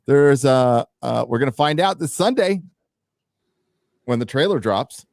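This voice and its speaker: A man's voice: medium pitch, lively intonation, measured pace, creaky, darkish tone, no echo, studio quality. A man on a podcast panel tossing out wry jokes in casual chat. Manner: wry, joking asides.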